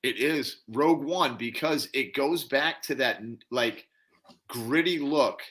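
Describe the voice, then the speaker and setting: A man co-hosting a casual chat show, enthusiastic and relaxed. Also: medium pitch, takes it slowly. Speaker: co-host.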